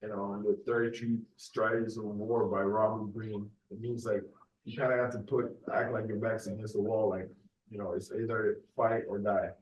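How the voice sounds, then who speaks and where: A man's voice: lowish voice, little pitch movement, normal speed, roomy sound, far from the mic, low-quality recording. A young Nigerian man who speaks with a mostly American accent and a light Nigerian lilt, hosting a casual solo podcast and rambling loosely with lots of "you know" and "like". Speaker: podcast host.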